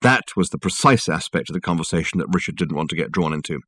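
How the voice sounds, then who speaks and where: A man narrating a novel as an audiobook reader, measured and wry. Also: deep voice, lively intonation, fairly bright tone, slightly rough, no room sound. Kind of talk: scripted narration.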